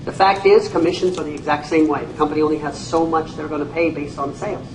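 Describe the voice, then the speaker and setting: A man with a high voice gives a lively sales pitch at a whiteboard, making his points with jokes and stories. He is recorded from some way off in an echoey room, with a faint hum of ambience behind him. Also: fast, distant mic. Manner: lively, jokey, tells stories to make points. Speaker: presenter at a whiteboard. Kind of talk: sales presentation.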